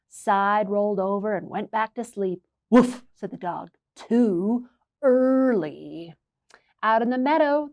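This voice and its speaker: A woman's voice: medium pitch, muffled recording. A woman who works as a children's librarian, reading a picture book aloud and asking her listeners questions as she goes. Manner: expressive storyteller who asks listeners questions.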